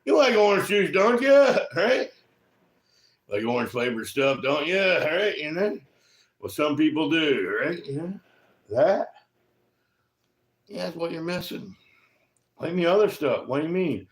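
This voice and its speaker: A man's voice: fairly high pitch, lively intonation, measured pace, pauses often. A man with a slightly raised voice rambles casually and swears freely. He keeps tossing in "right?" as he talks. His voice bounces around an echoey room. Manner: profane, keeps asking "right?". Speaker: vlogger.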